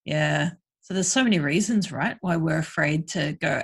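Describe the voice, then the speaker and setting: Frank, husky woman. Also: low-pitched, expressive, normal speed. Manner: frank, chatty, lots of fillers. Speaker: guest, sex worker and educator. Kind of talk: casual podcast conversation.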